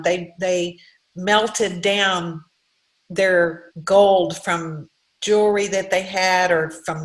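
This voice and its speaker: A woman speaking as a guest, giving an earnest, heartfelt, faith-based motivational talk with halting restarts. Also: on the low side, fairly bright tone, echoey room, poor audio. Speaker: guest speaker, direct sales leader.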